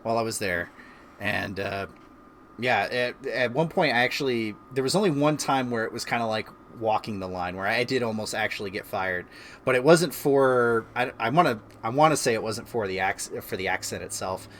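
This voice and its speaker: A man's voice: on the low side, moderate pace, fairly bright tone, a little hiss or hum. A man in his thirties hosting a casual chat stream from home, telling a story in a rambling way with frequent restarts and chuckles. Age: 30s. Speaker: streamer host. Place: home, by a fireplace.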